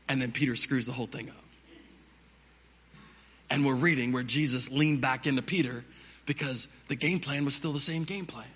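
A man's voice: mid-range voice, moderate pace, long pauses, a bit bright, slightly rough, in a large hall. A male pastor preaching a sermon in a conversational style, with lots of rhetorical questions, in a church sanctuary.

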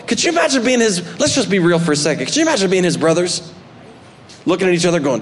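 A male pastor preaching a sermon, animated, swinging between loud emphatic bursts and soft asides. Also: sits high, fast, slight background noise. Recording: long hall reverb.

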